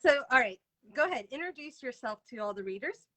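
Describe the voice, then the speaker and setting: A woman's voice: high-pitched, lively intonation, fast, a bit bright. A woman hosting a live video interview, chatting casually and greeting viewers by name. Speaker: livestream interview host. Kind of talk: casual live-stream chat. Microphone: video call.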